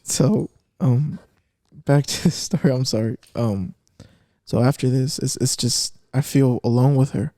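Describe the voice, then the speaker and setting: A young man tells a story in a gravelly, mellow voice, with mixed in. He drops almost to a whisper at the serious parts. The sound is close and dry. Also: mid-range voice, unhurried, dry recording. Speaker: podcast co-host. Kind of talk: casual storytelling chat.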